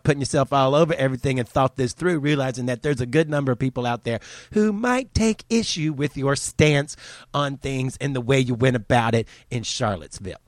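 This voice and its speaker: Man, profane ranting commentary, heated, mid-pitched voice, dry close sound. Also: a little fast, no echo. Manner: heated and profane, swearing often.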